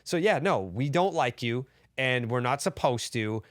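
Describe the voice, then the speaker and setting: A man's voice: medium pitch, lively intonation, measured pace, a bit bright, no room sound, clean studio sound. A man co-hosting a sports podcast, ranting heatedly and swearing often. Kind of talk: casual sports talk.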